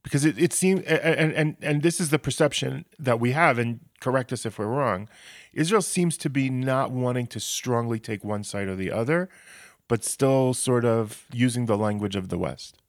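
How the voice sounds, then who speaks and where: A man's voice: mid-range voice, normal speed, no room sound. Chatty male podcast host, dry close sound. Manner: chatty, storytelling, many restarts. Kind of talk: casual podcast conversation.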